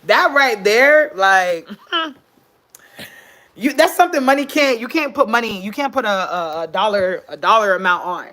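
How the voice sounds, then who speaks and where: Woman, live stream host, casual motivational talk, bright sharp voice, earnest, repeats herself, phone mic. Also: mid-range voice, expressive, moderate pace. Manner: earnest, preachy, repeats points for emphasis. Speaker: livestream host. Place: indoors, sitting on the floor.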